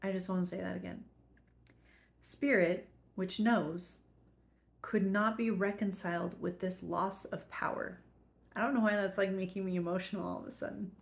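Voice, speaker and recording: A woman reading a spiritual text aloud and explaining it, earnest, slowing to repeat the key lines. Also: medium pitch, fairly even intonation, creaky. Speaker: spiritual study teacher.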